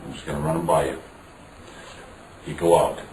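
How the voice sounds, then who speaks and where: A man's voice: extremely low pitch, little pitch movement, moderate pace, a little mellow. A man being interviewed, telling a story frankly with some swearing and acting out what others said. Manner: frank, profane, acts out dialogue. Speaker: interview guest. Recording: roomy, distant mic, background noise.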